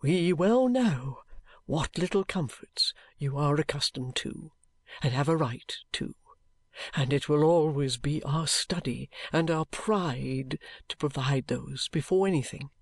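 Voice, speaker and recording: A narrator voicing a meek, dutiful young man who pleads softly and hesitantly with his father. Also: medium pitch, unhurried, no echo. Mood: pleading. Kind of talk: audiobook character reading.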